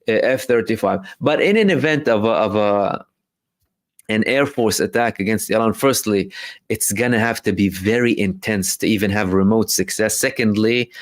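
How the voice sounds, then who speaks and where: A man with a lowish voice hosts a live stream, reading out viewer questions from chat and answering them loosely and explanatorily. He uses frequent fillers and restarts, and the recording is dry.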